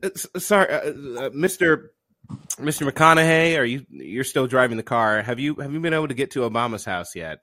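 A man's voice: medium pitch, lively intonation, normal speed, sharp tone, no echo, studio quality. A man co-hosting a comedy podcast, playing the straight-faced interviewer with stammering questions.

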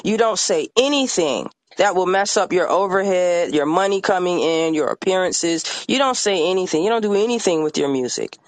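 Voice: mid-range voice, lively intonation, moderate pace, few pauses, no room sound. Furious, swearing artist-activist. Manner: angry, emphatic, swears often. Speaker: guest, independent artist and activist. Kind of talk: impassioned podcast conversation.

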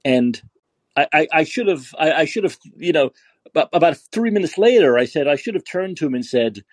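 Ranting husky-voiced man host. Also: fairly high pitch, sing-song, a little fast, no echo. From New York. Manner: ranting, profane, repeats himself. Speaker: podcast host. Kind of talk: call-in podcast monologue. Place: San Francisco.

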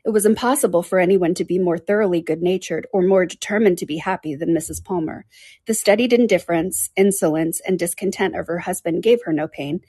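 A woman narrating a classic novel as an audiobook, in an even, measured way. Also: on the low side, husky, no room sound.

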